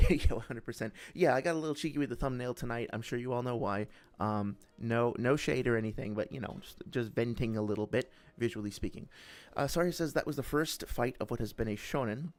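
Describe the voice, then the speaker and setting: A young man chats casually on his live stream, full of ums and asides. His middle-pitched voice stays relaxed and loose. He rambles a little and restarts often. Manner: rambling, hesitant, with many fillers and asides.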